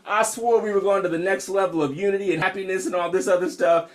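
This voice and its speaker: A man's voice: sits high, normal speed, hardly any pauses. A young adult man from the United States leading an online meditation session, frank and profane, laughing often and calling listeners y'all. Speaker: meditation teacher. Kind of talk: casual talk opening an online meditation session.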